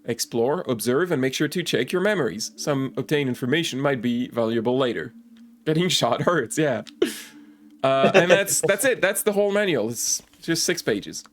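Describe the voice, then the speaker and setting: A man's voice: medium pitch, expressive, normal speed. A man streaming a game, reading its text aloud, stumbling over foreign words and breaking off for joking asides.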